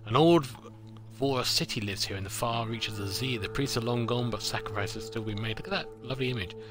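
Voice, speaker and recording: A man's voice: mid-range voice, a little fast, over music. A man hosting a gameplay video, reading game text aloud with self-deprecating, muttered asides. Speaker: let's play host.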